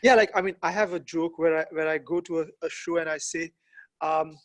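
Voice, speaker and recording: A young man with an Indian accent talks as a comedian guest in a relaxed chat. His voice sits high, and he gets animated, stumbles, and starts over. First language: not English. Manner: animated, laughing, halting restarts. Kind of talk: casual interview chat.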